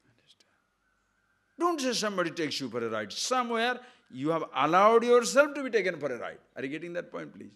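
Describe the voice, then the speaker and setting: A man's voice: high voice, big pitch swings, fairly quick, fairly bright tone. A man, a spiritual teacher giving an emphatic discourse on scripture and posing frequent rhetorical questions.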